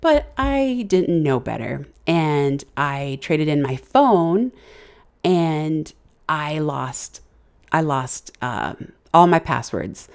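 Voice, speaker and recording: A woman hosting a casual live stream, halting and searching for words, thanking viewers as she reads the chat. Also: deep voice, big pitch swings, a little mellow. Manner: halting, many fillers and restarts, searching for words; grateful, effusive thanks to viewers. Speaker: livestream host.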